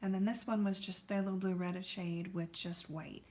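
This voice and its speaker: A woman's voice: medium pitch, steady tone, moderate pace, a little mellow, roomy sound. An American woman hosting a live painting stream from her art studio, chatting and rambling in a friendly way to viewers as she paints. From United States.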